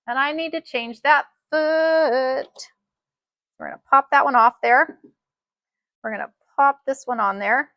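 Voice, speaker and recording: A woman giving a casual sewing machine demonstration, chatty and excitable, repeating her phrases as she works. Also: sits high, unhurried, pauses often, muffled recording. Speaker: sewing instructor.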